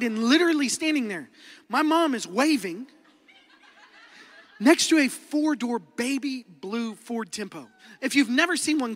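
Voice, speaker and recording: A man in his thirties with an Oklahoman accent, preaching a sermon as a lively storyteller who acts out quotes and laughs often. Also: very high-pitched. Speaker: pastor. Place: large church hall. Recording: long hall reverb.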